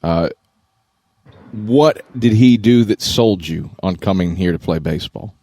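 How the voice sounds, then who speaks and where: A man hosting an interview, asking his guest questions in a measured, plain way. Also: deep voice, warm tone, no echo. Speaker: interviewer host.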